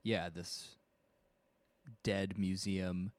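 A man's voice: deep voice, little pitch movement, very slow, no room sound. A laid-back man on a video call discussing a novel, often searching for the right word. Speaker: book club member.

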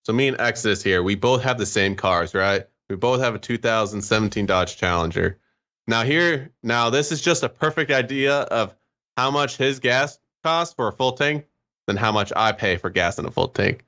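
A man co-hosting a casual podcast, animated and exclaiming, swearing now and then. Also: mid-range voice, moderate pace. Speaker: podcast co-host. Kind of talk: casual chat.

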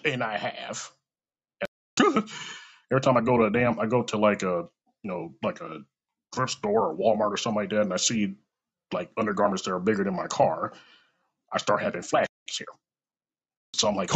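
A man's voice: fairly low pitch, very animated, a little fast, creaky, pauses often, a bit bright, husky, muffled recording. A man telling a comedic personal story in a casual, profane, self-deprecating way.

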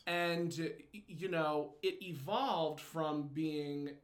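A man with a Brooklyn accent co-hosting a podcast, chatty and quick to laugh, often cutting in over his co-host. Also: fairly high pitch. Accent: Brooklyn New York. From Brooklyn, New York. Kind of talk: casual chat.

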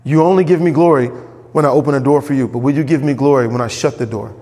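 A man preaching a sermon as pastor, animated, jumping up in pitch when he voices quoted characters. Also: quick pace, big-room sound.

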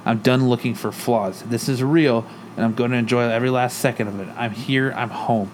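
A man's voice: medium pitch, fairly even intonation, fairly quick, a little hiss or hum. A man co-hosting a podcast, casually retelling a comic book story and speaking the characters' lines in his own voice. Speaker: podcast co-host.

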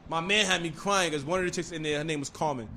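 A man telling a rowdy story in casual chat, animated and slangy, breaking into loud laughter at times. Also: a little high, fast talker, slight background noise.

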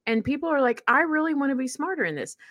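Her high voice moves at a quick pace as she co-hosts a podcast, laughing frequently while telling animated stories and loudly performing the quotes. The audio is studio quality with no room sound.

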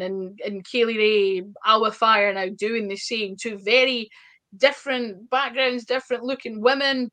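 A woman with a Scottish accent, a wrestler telling stories in a casual interview, chatty and full of quick asides. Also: mid-range voice, fairly bright tone. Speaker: wrestler guest.

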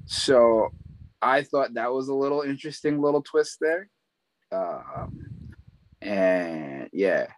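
A man's voice: mid-range voice, animated, slow, dry recording, rough recording. A man co-hosting a casual film discussion, hesitant with many ums and uhs. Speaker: co-host.

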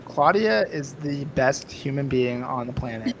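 A man chatting casually with a friend, earnest and affectionate, quick to poke fun at himself. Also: mid-range voice, lively intonation, rough recording. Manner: earnest and affectionate, self-deprecating. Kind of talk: casual chat between friends.

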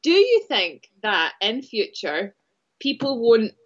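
A woman's voice: fairly high pitch, big pitch swings, slow pace, slightly rough, muffled recording. A young adult woman, co-hosting a casual chat podcast, playful and teasing, laughing often. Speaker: podcast co-host.

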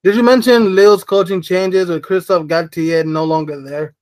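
A man hosting a sports podcast in casual chat, brisk and dryly teasing as he runs through lists. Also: high-pitched, steady tone, darkish tone. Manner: brisk, lists teams rapidly with dry teasing. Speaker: podcast host.

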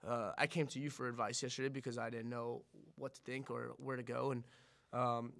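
A man's voice: medium pitch, little pitch movement, fairly quick, vocal fry, fairly bright tone. A man speaking as a podcast guest in casual chat, hesitant, stammering and restarting his sentences.

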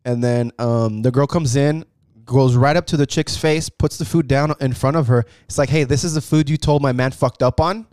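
Young man, casual storyteller, animated, swears freely, dry mic. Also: mid-range voice, moderate pace, smooth, no room sound. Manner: animated, acts out quotes with swearing.

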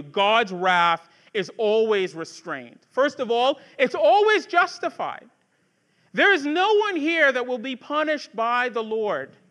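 A man with a very high, bright and forceful voice preaches a sermon to his congregation. He talks conversationally, with asides and restarts, then builds to fervent rhetorical questions. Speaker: pastor.

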